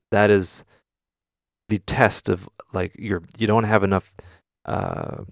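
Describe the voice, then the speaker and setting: Gravelly low-voiced man streaming, blunt and sweary. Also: dry recording, clean studio sound. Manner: candid, swears often, answers chat questions. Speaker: music producer streamer. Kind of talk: casual live-stream chat. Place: home studio.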